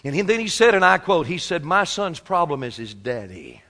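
A man in his fifties preaching a sermon, moving from quiet storytelling to shouted exhortation. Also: on the high side, sing-song, normal speed. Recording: long hall reverb.

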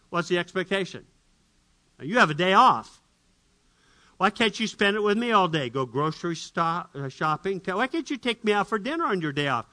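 A man's voice: high-pitched, pushed and bright, heavily acted. A man voicing a nagging, demanding wife who fires off one complaint after another. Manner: rapid-fire complaining questions.

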